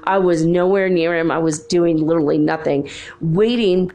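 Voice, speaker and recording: A woman's voice: on the low side, normal speed, warm tone. A woman talking in a casual vlog monologue, rambling through a story with lots of filler words.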